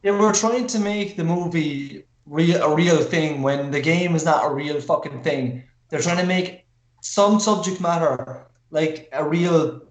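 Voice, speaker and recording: A man's voice: on the high side, unhurried. A man co-hosting a podcast, chiming in with laid-back agreement during casual chat. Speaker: podcast co-host. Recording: roomy echo.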